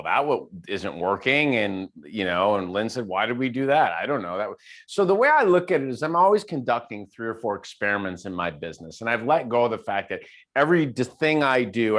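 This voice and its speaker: A man speaking as a guest speaker in a casual conversational interview, animated, often restarting and repeating words as he tells stories. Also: lowish voice.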